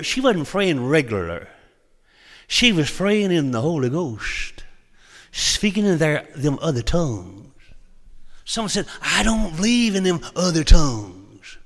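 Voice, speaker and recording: A man from Oklahoma shares a testimony while preaching, telling his story in a folksy, humorous, dramatic way. His voice is on the high side and a bit bright, with the sound of a big room.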